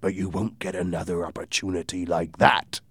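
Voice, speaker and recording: A man voicing a scheming pirate leader who bargains slowly and threateningly. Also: sits low, steady tone, a bit bright, breathy edge, no echo, studio quality, full character voice. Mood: menacing.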